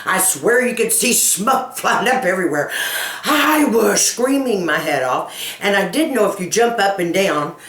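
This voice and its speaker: A woman in her fifties, a lifestyle coach chatting with her viewers, folksy and animated, laughing often as she tells stories. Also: medium pitch, a little slow, roomy sound, far from the mic. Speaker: lifestyle coach and channel host. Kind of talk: casual chat answering viewer questions.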